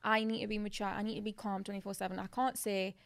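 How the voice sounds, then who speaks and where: A woman's voice: medium pitch, fast talker, creaky, smooth. A young woman, chatting casually as a podcast guest and telling stories animatedly. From England. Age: 20s. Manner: animated storytelling, lots of "like".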